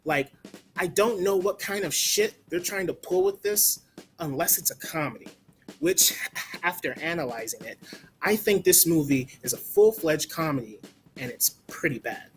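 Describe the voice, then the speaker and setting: A man's voice: fairly high pitch, animated, normal speed, faint music behind. A man giving a blunt, casual movie review, ranting with lots of "like" and some swearing.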